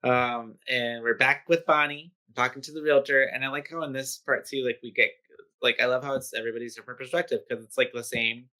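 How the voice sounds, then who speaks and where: A man's voice: medium pitch, steady tone, a little fast, sharp tone. A man co-hosting a podcast, casually recapping a horror film with loose talk, swearing and constant fillers. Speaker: podcast co-host.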